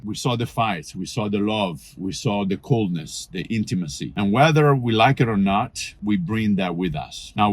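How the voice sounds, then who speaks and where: Husky man preaching on marriage. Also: fairly low pitch. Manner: conversational, quotes example phrases. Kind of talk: relationship sermon.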